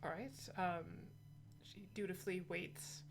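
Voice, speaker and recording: A woman's voice: on the low side, steady tone, a little slow, background noise. A woman narrating as game master of a tabletop game, casual with many fillers.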